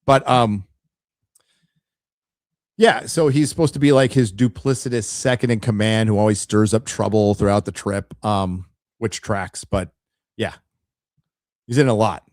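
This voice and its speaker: A man's voice: fairly low pitch, fairly even intonation, unhurried, pauses often, no echo. Man, livestream host, blunt ranting commentary, stumbling restarts, dry close sound. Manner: addresses chat directly. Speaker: live show host. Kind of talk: casual opinionated livestream commentary.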